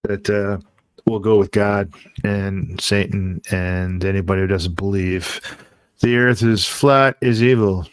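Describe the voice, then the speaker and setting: A man chatting easily on a video call, quick to chuckle. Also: sits low, fairly even intonation, smooth. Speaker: panelist. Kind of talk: casual video call chat.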